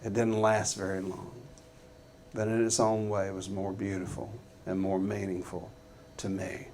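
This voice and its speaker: A middle-aged man telling an earnest, folksy story to a live audience in a guitar showroom, halting often with fillers. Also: low voice, completely flat delivery, a little mellow, slight background noise.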